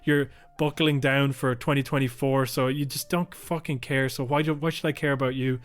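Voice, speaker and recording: A man co-hosting a casual political podcast, speaking close into his microphone. He rants with plenty of swearing and slips into quick, high mocking impressions of politicians. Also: fairly even intonation. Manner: sweary, heated, mimics politicians with sharp pitch jumps. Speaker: podcast co-host. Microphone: podcast microphone close to mouth.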